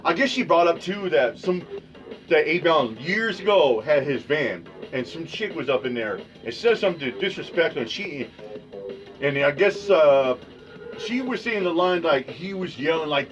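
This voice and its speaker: A man hosting his own podcast, ranting casually in a rambling, profane way that swings between mutters and loud outbursts. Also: fairly high pitch, expressive, normal speed. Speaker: podcast host. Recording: dull lo-fi sound with faint music.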